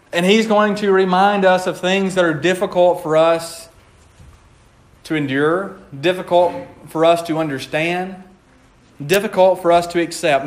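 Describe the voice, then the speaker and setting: A man preaching a conversational sermon in a church, playful and laughing often as he acts out quotes. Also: fairly high pitch.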